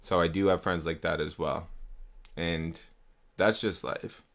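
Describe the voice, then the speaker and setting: A man's voice: sits low, fairly even intonation, a little slow, a bit bright. A young man chatting casually on a live stream, swearing often and repeating himself, into a desktop mic at home. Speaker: livestreamer. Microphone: desktop USB mic.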